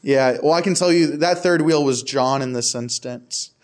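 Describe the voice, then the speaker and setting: A man's voice: medium pitch, normal speed. Casual young male youth preacher. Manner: casual, repetitive "I can tell you" asides to the crowd. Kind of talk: conversational sermon.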